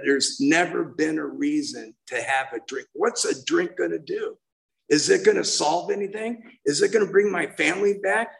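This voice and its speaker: An older man in his sixties tells his recovery story to a meeting, heartfelt and meandering. His voice is gravelly, with a middling pitch, and he keeps restarting his sentences. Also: low-quality recording. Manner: heartfelt, rambling, with many restarts. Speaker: main speaker at a recovery meeting. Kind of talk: personal recovery share.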